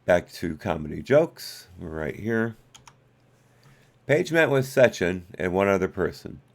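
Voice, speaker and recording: A man's voice: low-pitched, big pitch swings, slow pace, gravelly. A man hosting a live stream, reading documents aloud and breaking off for wry asides and corrections to his chat.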